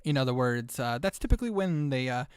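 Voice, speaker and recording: A man's voice: mid-range voice, expressive, fast talker, smooth, no room sound, studio quality. A man running a tabletop game over voice chat, talking casually with lots of fillers and jokes. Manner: rambling, filler-heavy, joking. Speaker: game master.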